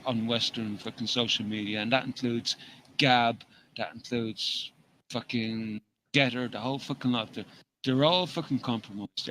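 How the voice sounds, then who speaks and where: A man's voice: medium pitch, fairly bright tone, a little hiss or hum, rough recording. A man co-hosting a casual live chat, foul-mouthed and mocking, laughing at his own jokes. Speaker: co-host.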